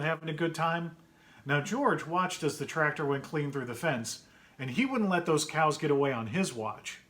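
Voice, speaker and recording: A man reading his own picture book aloud to children, chatty and gentle, pausing to point out pictures and ask questions. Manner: puts on brighter higher voices for characters' quoted lines. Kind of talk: read-aloud story time for children.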